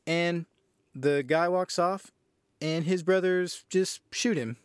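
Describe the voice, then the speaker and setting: A man's voice: sits high, takes it slowly, clear, resonant tone, dry recording, clean studio sound. A man hosting a podcast, casually retelling a movie's plot with profanity, sarcasm and disbelief. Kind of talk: casual movie review recap.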